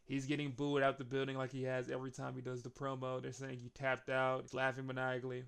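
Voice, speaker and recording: Gravelly-voiced man recapping wrestling. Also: medium pitch, fast talker. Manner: chuckles often, recounts action with rising excitement. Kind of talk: casual show recap.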